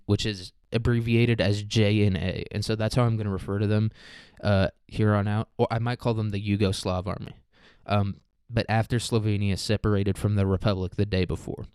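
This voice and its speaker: A young man with a low, smooth voice hosting a loose solo podcast. He rambles through his points, swears freely and drops joking asides. The sound is dry and close on the mic. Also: a little mellow, dry recording. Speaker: podcast host. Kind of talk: casual solo podcast monologue.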